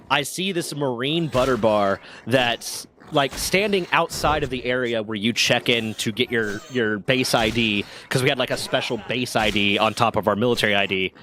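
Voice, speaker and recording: A man's voice: mid-range voice, moderate pace, slight background noise. A man telling casual, rambling, profane stories while streaming a game. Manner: rambling, profane, lively anecdotes. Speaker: streamer and storyteller. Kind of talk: casual storytelling while gaming.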